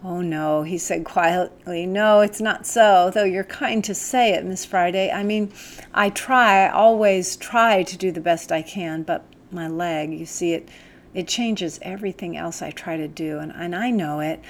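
Calm woman reading an audiobook. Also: fairly low pitch, unhurried. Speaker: audiobook narrator. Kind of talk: audiobook reading of a first-person novel.

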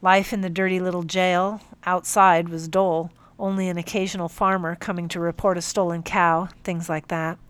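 A woman narrating a first-person audiobook in a calm, measured storytelling manner on a close microphone. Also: lowish voice, clean tone, no echo.

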